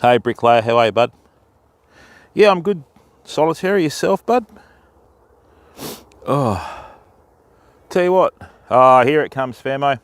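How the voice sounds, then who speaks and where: A man's voice: medium pitch, animated, unhurried, pauses often, dry recording. An Australian man chatting casually to viewers on a phone livestream from a riverbank, greeting them by name in a matey way. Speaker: fishing livestreamer. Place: riverbank outdoors.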